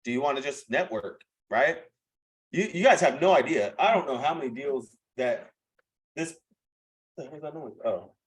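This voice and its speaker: A man's voice: a little high, rough recording. Blunt, profane young man on a call. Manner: blunt, profane and chatty, saying bro and okay a lot. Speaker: host of a live coaching call. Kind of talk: casual coaching talk. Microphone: video call.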